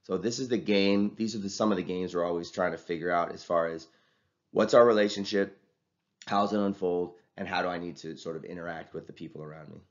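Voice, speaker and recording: Deep-voiced man lecturing casually. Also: steady tone, a little fast. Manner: conversational, ends points with "right?". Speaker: college teacher and wrestling coach. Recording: dull lo-fi recording.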